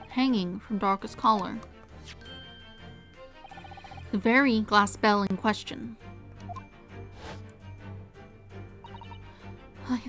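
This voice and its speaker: A woman's voice: a little high, a bit bright. A woman voicing a pompous, theatrical male detective who lectures grandly while reading game dialogue aloud. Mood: dramatic. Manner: grandiose, lecturing, dramatic pauses.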